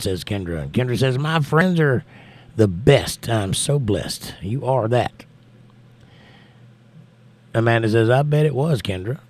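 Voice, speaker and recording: A man's voice: medium pitch, darkish tone. A man hosting a livestream, reading viewer comments aloud and answering them in casual chat.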